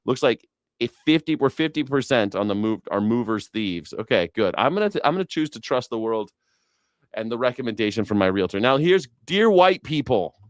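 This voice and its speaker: A man's voice: medium pitch, big pitch swings, a little fast, no room sound, clean studio sound. A man hosting a news reaction show, riffing sarcastically in rambling, profane commentary. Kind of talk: casual comedic commentary.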